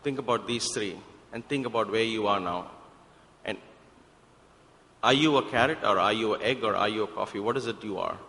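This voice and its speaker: A man voicing a calm, wise mother who gently questions her daughter. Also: on the low side, brisk, long pauses, in a large hall. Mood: patient.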